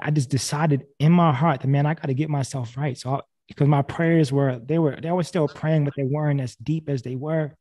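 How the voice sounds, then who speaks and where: A man's voice: medium pitch, warm tone. A man preaching casually and earnestly on a video call, repeating key phrases, with frequent restarts. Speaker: speaker sharing a faith testimony on a video call.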